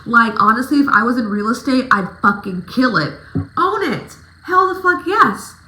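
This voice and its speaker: A woman's voice: fairly high pitch, animated, normal speed, sharp tone, roomy sound, poor audio. A woman giving casual vlog advice as a dancer coaching other dancers, talking emphatically with plenty of swearing. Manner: emphatic, profane, pep-talk delivery.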